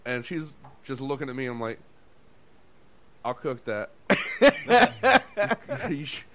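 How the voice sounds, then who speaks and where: A man's voice: mid-range voice, sing-song, slow pace, sharp tone, slight background noise. A man co-hosting a podcast, telling a restaurant story in casual chat, swearing often, laughing, and acting out what people said. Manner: profane, laughing, acts out quotes. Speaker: podcast co-host.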